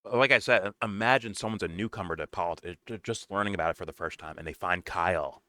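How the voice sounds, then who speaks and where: A man's voice: sits low, fast talker, pushed and bright, no room sound. A man co-hosting a casual political commentary show, talking bluntly and sarcastically with frequent swearing. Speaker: podcast co-host.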